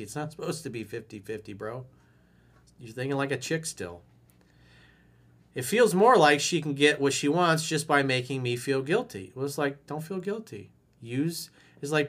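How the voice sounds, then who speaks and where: A man's voice: mid-range voice, fairly bright tone. Blunt, profane male relationship coach. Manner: blunt, profane, emphatic advice; reads viewer questions aloud, then replies. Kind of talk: answering a viewer email on video.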